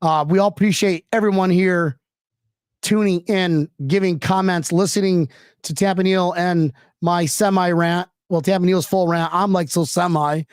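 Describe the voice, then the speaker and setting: Brief: male stream host, loose rambling sports talk, high voice, dry close sound. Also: steady tone, normal speed, clean tone, no echo. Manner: loose, rambling, profane, chatty with viewers.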